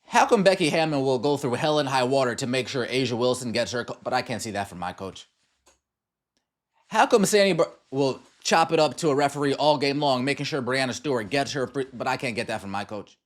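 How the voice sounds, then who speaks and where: A man's voice: medium pitch, expressive, a little fast. A man hosting a sports podcast, ranting in exasperated commentary over game clips and firing off repeated rhetorical questions. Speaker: podcast host.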